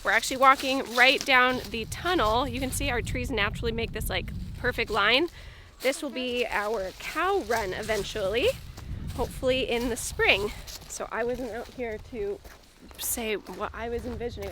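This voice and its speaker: A woman's voice: a little high, normal speed, noisy background. A woman hosting a family vlog outdoors, playful and sing-song with the children. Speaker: vlog host and mother. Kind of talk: casual vlog narration. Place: outdoors on a rural homestead.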